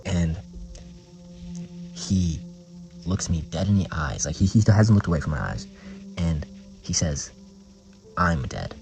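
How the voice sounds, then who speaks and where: A man's voice: low voice, animated, measured pace, long pauses, warm tone, poor audio. A young man vlogging a casual story in a rambling, slangy way, swearing often and using lots of filler words. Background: background music.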